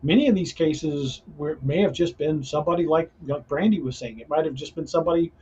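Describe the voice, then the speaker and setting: A man's voice: fairly high pitch, brisk, a little mellow, muffled recording, a little hiss or hum. A man hosting a casual paranormal podcast, talking earnestly and restarting his sentences often. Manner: rambling, frequent restarts, earnest. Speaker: podcast host.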